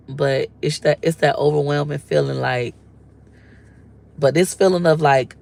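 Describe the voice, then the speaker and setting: A woman's voice: low-pitched, creaky, a little mellow. A woman in her forties, a mother of grown kids, talking candidly and emotionally to her viewers in casual slang, acting out what her husband said. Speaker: vlogger, mother.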